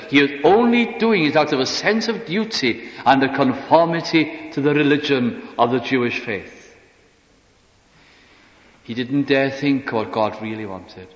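Male preacher, earnest sermon voice with rhetorical questions, dull lo-fi sound, long hall reverb. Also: mid-range voice. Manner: earnest, rhetorical questions, drops to soft asides. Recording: dull echoey hall recording.

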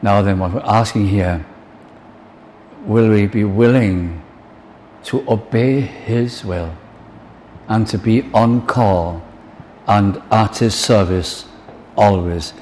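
A man's voice: fairly low pitch, takes it slowly, pauses often, darkish tone, a little hiss or hum. Older man preaching in an echoing hall. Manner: earnest, quotes hymn lines and acts out dialogues. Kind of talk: sermon. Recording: long reverb in a large hall, faint ambience.

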